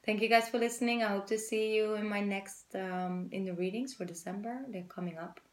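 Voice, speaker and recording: A woman's voice: medium pitch, fairly even intonation, a little fast, reverberant. A woman giving a casual tarot reading to her viewers, chatty and rambling, with the odd swear word. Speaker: tarot reader.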